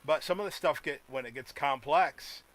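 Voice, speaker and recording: A man's voice: fairly high pitch, normal speed, fairly bright tone, poor audio. An American man co-hosting a podcast, chatting casually in a rambling way and laughing often. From United States. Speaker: podcast co-host. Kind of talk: casual chat.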